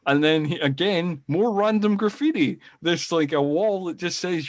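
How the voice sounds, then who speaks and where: Rambling animated man on a podcast. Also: on the high side, moderate pace, few pauses, no echo. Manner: rambling, animated retelling with quoted lines. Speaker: podcast co-host. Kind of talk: casual film-review chat.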